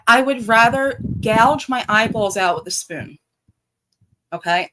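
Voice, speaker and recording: A woman's voice: a little high, a bit bright, rough recording. A middle-aged woman with a Baltimore accent hosting a casual livestream, blunt and profane, talking straight to her chat. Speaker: livestream host.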